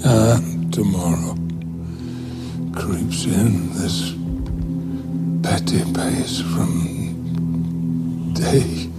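An actor playing the grieving, weary king Macbeth in a slow, hushed, breathy whispered soliloquy, taken from a film soundtrack. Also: low-pitched, pitched below the performer's own voice. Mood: despairing. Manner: slow, brooding delivery. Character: grieving weary Scottish king, bleak and despairing. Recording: film soundtrack with loud music. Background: loud music score.

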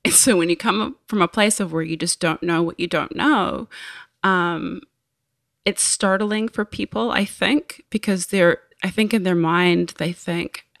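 A woman with a New Zealand accent, a guest explaining her view in a thoughtful, measured way. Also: lowish voice, vocal fry, fairly bright tone, no room sound, studio quality. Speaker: guest, wine business co-founder. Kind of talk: reflective interview talk.

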